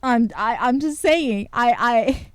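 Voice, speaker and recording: A woman streaming casual chat to her viewers, excitable and full of filler words. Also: fairly high pitch, slow, a little hiss or hum.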